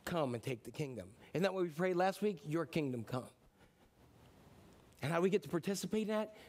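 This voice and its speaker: A middle-aged man preaching a sermon, talking in a relaxed, conversational way. His voice sits high for a man. He stumbles and restarts sentences now and then, and he acts out short bits of the people in his stories. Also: a little fast. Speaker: pastor.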